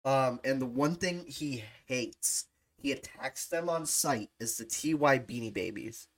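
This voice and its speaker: A speaker in casual livestream chat, talking slowly and haltingly. Lines are full of fillers and stalls, broken up by frequent laughs. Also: medium pitch. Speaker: livestream podcast co-host.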